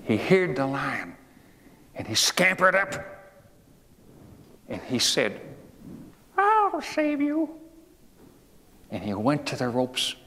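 A man tells a fable in a slow, homespun manner, wandering off into asides and quizzing his listeners. His pitch rises and falls with animation. A long hall reverb and faint room noise surround him. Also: sing-song, sharp tone. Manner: homespun, digressive, asks the audience questions. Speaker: historical reenactor as a 19th-century president. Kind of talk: folksy storytelling to children.

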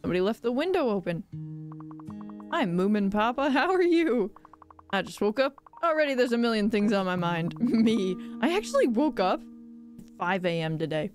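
A woman streaming a game live, gushing and excitable, gasping over cute things as she talks. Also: on the high side, normal speed, faint music behind.

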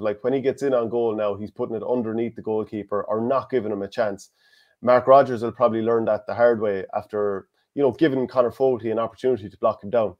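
A man's voice: medium pitch, highs cut off. An Irish man co-hosting a podcast, talking through a game in long, detailed analytical runs. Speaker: co-host. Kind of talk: casual sports analysis chat.

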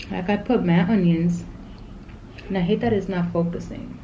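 A woman's voice: mid-range voice, fairly quick, darkish tone. Chatty woman vlogging in an echoey room. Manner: chatty, addresses viewers directly. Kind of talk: casual mukbang vlog chat. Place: at home. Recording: echoey room with faint ambient noise.

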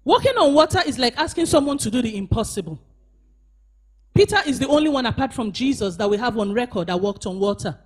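A woman pastor preaching a sermon at a church service, moving between shouted emphasis and hushed asides and calling on the congregation to respond. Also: a little high, animated, fast talker, breathy edge.

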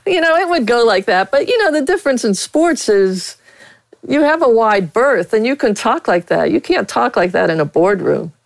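A woman's voice: on the high side, expressive, moderate pace, vocal fry, dry recording, poor audio. A woman from Pittsburgh, a veteran sportswriter, telling blunt stories in a casual interview with many fillers and laughs. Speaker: sportswriter guest.

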